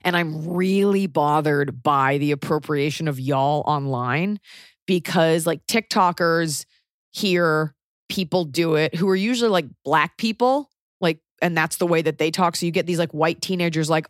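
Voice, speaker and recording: A woman's voice: low-pitched, moderate pace, no echo. Chatty Texan woman, dry close mic. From Texas. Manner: chatty, rambling, frequent "like" fillers. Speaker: podcast co-host. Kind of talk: casual podcast chat.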